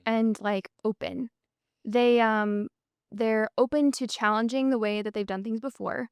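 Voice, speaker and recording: A woman's voice: fairly high pitch, fairly even intonation, a little slow, clear, resonant tone, no room sound, studio quality. A woman with a Minnesota accent, a podcast guest telling her story in an upbeat, fluent way with frequent "um" and "and so.". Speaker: podcast guest, business co-founder. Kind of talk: casual interview conversation.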